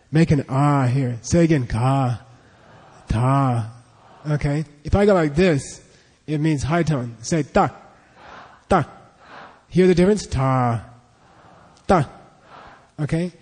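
A man's voice: a little high, a little slow, warm tone, husky. A man teaching a class, leading a pronunciation drill and patiently repeating syllables for students to echo. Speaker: language teacher. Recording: long hall reverb.

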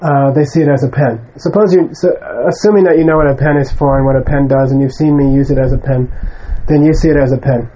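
A man's voice: medium pitch, fairly even intonation, fast, hardly any pauses, dark tone, rough recording. A man teaching a class of students, speaking conversationally, bluntly dismissing wrong views and often checking in with "okay?". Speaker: Buddhist teacher. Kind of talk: lecture to students.

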